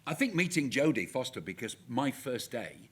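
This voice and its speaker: A man who acted as a child, telling lively stories as a guest on a live cinema Q&A panel. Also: mid-range voice, normal speed, slightly rough. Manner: lively anecdotal, laughs as he tells. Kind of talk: storytelling on a panel. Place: cinema stage before an audience.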